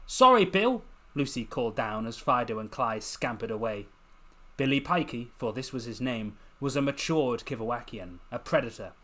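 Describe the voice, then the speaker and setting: A man reading his own fantasy novel aloud as narrator in a slow, measured, dramatic manner. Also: medium pitch. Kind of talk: scripted narration.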